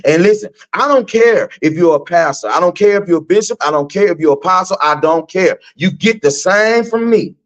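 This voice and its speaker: This is a middle-aged man from Texas with a voice on the high side. He hosts an off-the-cuff live stream. He rants in an animated, preachy way, swears freely and hammers his points home by repeating them. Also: a little fast, few pauses. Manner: animated, repetitive, preachy and profane. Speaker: host.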